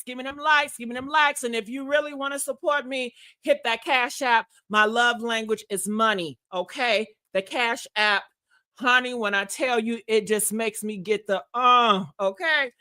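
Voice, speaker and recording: A woman's voice: a little high, pushed and bright. A woman hosting a gossip livestream, brash and profane, talking in a casual style and calling viewers honey and baby.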